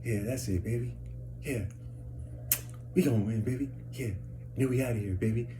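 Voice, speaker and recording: A man's voice: mid-range voice, fairly even intonation, moderate pace, noisy background, natural voice. A man putting on a muttering, cussing middle-aged woman. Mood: grumbling. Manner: muttering under breath, cussing. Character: foul-mouthed middle-aged woman cashier, gruff and fed up.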